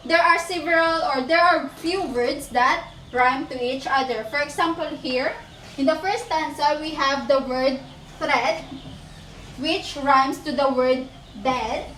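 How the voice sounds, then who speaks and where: Slow, high-voiced woman teaching. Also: a bit bright, far from the mic. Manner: slow, step-by-step explaining, addresses class, counts aloud. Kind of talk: teaching demonstration lesson. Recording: echoey room, voice off-mic, faint noise.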